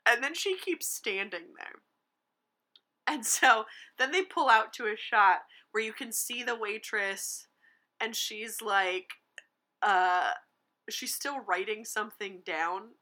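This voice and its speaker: A young woman in casual chat, co-hosting a movie review, giggly and animated, acting out little voices as she tells the story. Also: a little high, takes it slowly. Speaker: podcast co-host reviewing a movie.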